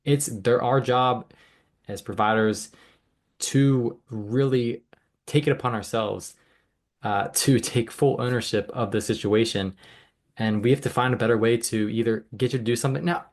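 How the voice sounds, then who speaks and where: A man's voice: mid-range voice, moderate pace. A man who works as a health care provider, co-hosting a podcast in casual chat, earnest and emphatic. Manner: earnest, emphatic, with frequent restarts.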